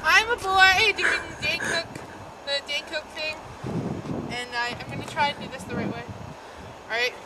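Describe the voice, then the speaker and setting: A woman's voice: sits high, moderate pace, long pauses. A woman goofing around at an outdoor bus stop, giggling, bossing the friend holding the camera and swearing a lot. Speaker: vlogger clowning for a camera. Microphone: handheld camcorder filmed by a friend. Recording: noisy street with passing cars.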